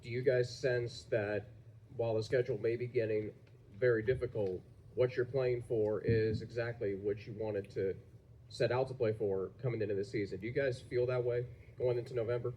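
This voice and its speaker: A man, a sports reporter, putting a measured question to the coach at a press conference. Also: mid-range voice, steady tone, dark tone, a little hiss or hum.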